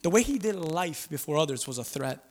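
A man preaching a conversational sermon, animated, with rhetorical questions and acted-out quoted voices. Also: on the high side, fairly quick. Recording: long reverb of a large hall.

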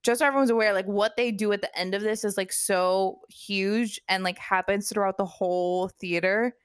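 A woman co-hosting a casual fan podcast, excitable and full of fillers. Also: medium pitch, normal speed, smooth, dry recording, clean studio sound. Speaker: podcast co-host.

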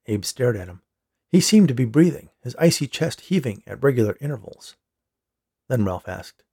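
Guy reading a story aloud, husky gravelly voice, steady pace. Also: mid-range voice, moderate pace. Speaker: story reader. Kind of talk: audiobook narration.

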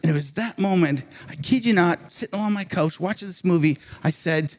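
A man preaching a sermon, telling a personal story in an animated way, often laughing between phrases. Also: high-pitched, brisk, few pauses.

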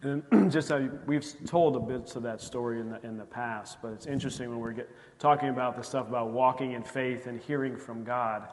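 A man's voice: medium pitch, steady tone, a little fast, hardly any pauses, darkish tone, in a large hall. A male pastor preaching a sermon in a conversational way, often acting out quoted voices. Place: church sanctuary.

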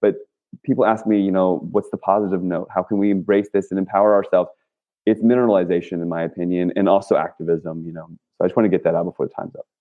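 A man's voice: low-pitched, fairly even intonation, quick pace. Man talking over a tinny phone line. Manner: rambling, with many fillers and restarts. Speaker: guest, activist and clothing maker. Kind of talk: casual interview talk.

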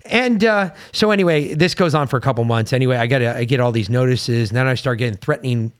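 A man's voice: medium pitch, quick pace, clear, resonant tone. A man from the United States co-hosting a podcast, telling a story in a brash, profane, casual way and mimicking others' voices. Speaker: podcast co-host.

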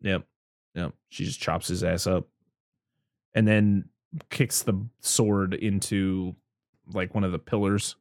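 A man's voice: low-pitched, fairly even intonation, slow pace, long pauses, a little mellow, dry recording, studio quality. A man co-hosting a casual podcast, recapping a movie scene by scene, swearing freely and laughing often. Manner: profane, laughing, quotes characters. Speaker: podcast co-host.

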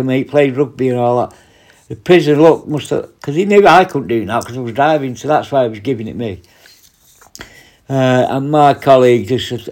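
With a darkish tone and moderate pace, a man's mid-range voice relays casual stories from his work as a prison officer. He's blunt and swears freely, performing the retorts he gave.

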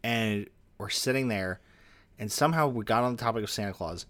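A man's voice: on the low side, a little fast, a bit bright. A man hosting a podcast, telling a story in casual chat, full of "like" fillers. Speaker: podcast host.

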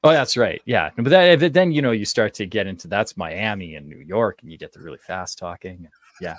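A man's voice: on the low side, lively intonation, brisk, no room sound, clean studio sound. A Canadian man, an actor, chatting casually in an interview with a rambling manner and many fillers. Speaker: actor guest.

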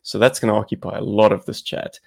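A man's voice: lowish voice, little pitch movement, quick pace, creaky. A South African man co-hosting a podcast, chatting casually and explaining things at length. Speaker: podcast co-host.

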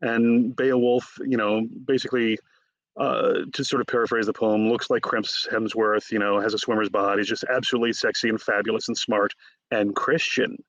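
A man, an author guest in a conversational interview, retelling stories in a lively way and acting out the quotes. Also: fairly low pitch, moderate pace, dry recording, highs cut off. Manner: animated storyteller, acts out quotes.

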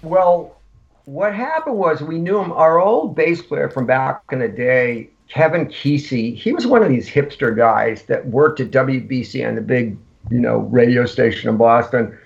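Brief: male guest, gravelly, rambling animated storyteller, dull lo-fi sound. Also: medium pitch, measured pace. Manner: rambling, animated anecdotes with acted-out quotes. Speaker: punk musician guest. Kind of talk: casual storytelling. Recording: lo-fi podcast audio.

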